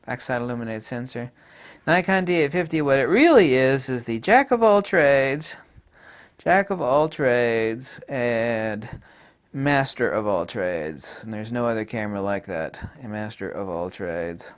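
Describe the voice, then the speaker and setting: A man giving an off-the-cuff camera review, blunt and jokey, jumping from loud outbursts to low mutters. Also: expressive, unhurried, smooth.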